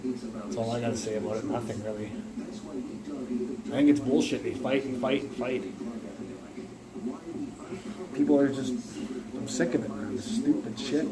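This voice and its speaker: A young man rambles into his phone on a casual livestream, swearing freely and cutting himself off mid-thought. His pitch sits in an ordinary middle range. A noisy crowd of background chatter runs under him the whole time. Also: steady tone, normal speed, pauses often. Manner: blunt, profane, rambling, restarts mid-sentence. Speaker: live streamer. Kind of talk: casual rambling live-stream chat.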